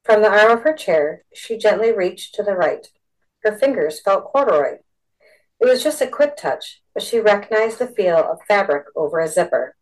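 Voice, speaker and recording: A woman reading a story aloud in a steady, expressive narration. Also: medium pitch, normal speed, poor audio.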